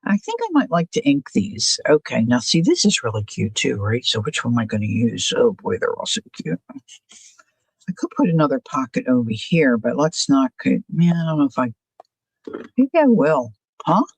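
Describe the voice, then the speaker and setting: A woman's voice: rumbling low, very animated, moderate pace, husky, no room sound, low-quality recording. A woman hosting a craft live stream, chatting casually and musing aloud about her choices as she works, often asking her viewers what they think. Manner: chatty, muses aloud, asks viewers questions.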